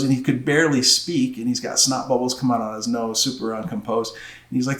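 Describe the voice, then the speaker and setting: A middle-aged man, a former wrestling coach, telling a story in casual podcast conversation and acting out quotes with a rising voice. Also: fast. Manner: animated storyteller, acts out quotes with rising pitch. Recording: roomy echo.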